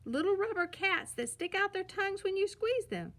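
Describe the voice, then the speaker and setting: A woman's voice: measured pace, exaggerated voice. A woman voicing whiny, pleading little bear cubs, sister and brother, in a storybook reading. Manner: pleading, excited, high and loud.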